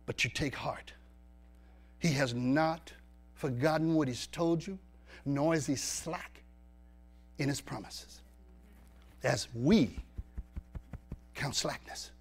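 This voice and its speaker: A male pastor preaching a sermon in a church, pressing the congregation with rhetorical questions and emphatic repetition. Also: fairly high pitch.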